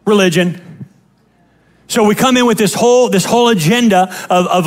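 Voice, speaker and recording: High-voiced, animated male preacher. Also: brisk. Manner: animated, humorous, emphatic preaching. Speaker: pastor. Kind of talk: sermon.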